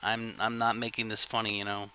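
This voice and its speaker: A man's voice: lowish voice, monotone, a little fast, sharp tone, clean tone. A man streaming games live, muttering in frustration as his setup keeps failing. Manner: frustrated muttering over technical trouble. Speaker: game streamer.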